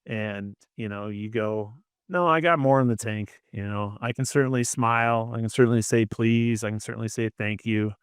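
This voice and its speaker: A man talks in a casual faith-based chat, rambling and leaning on "you know" at every turn. His voice sits low and comes across smooth and clear. The sound is dry, with no room in it. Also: moderate pace, no room sound. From Minnesota. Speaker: podcast co-host.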